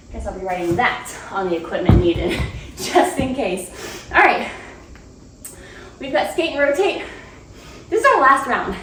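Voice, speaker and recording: High-voiced, out-of-breath woman fitness instructor. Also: fairly bright tone, distant mic, a little hiss or hum. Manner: upbeat, chatty, laughs between cues. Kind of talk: cueing a home cardio workout. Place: room at home. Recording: roomy, off-mic home recording.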